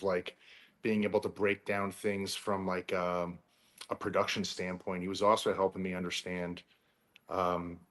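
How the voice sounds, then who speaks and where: A man speaking as a wrestling guest in a casual interview, measured and thoughtful. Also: on the low side, a bit bright.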